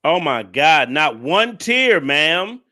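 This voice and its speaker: A man's voice: fairly high pitch, big pitch swings, slow pace, bright, forceful tone. A man hosting a casual reaction commentary, exasperated and emphatic, talking straight to his viewers. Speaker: channel host reacting to a clip.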